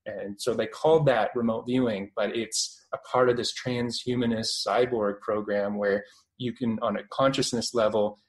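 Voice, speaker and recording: A man's voice: on the low side, fairly even intonation, normal speed, poor audio. A man in his twenties with a Canadian accent, a guest in a casual radio interview, rambling and full of fillers and restarts. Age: 20s.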